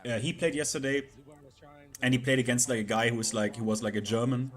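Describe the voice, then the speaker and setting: A man streaming live and chatting casually, halting and repeating words with many fillers. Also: mid-range voice, fairly even intonation.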